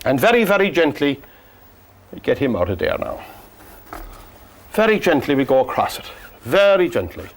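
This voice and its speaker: Gentle Irish painting teacher, man. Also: mid-range voice, very animated, normal speed, pauses often. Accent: Irish, Cork. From Ireland. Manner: gentle, joking, soft-spoken instructions. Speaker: painting instructor. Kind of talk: painting lesson with chatty asides.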